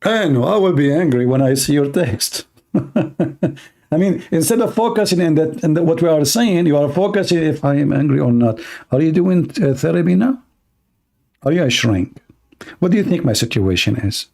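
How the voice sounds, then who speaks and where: Gravelly sarcastic man ranting. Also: on the high side, expressive, moderate pace, darkish tone. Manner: sarcastic, mocking, non-native broken English. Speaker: livestream host. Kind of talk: livestream debate commentary.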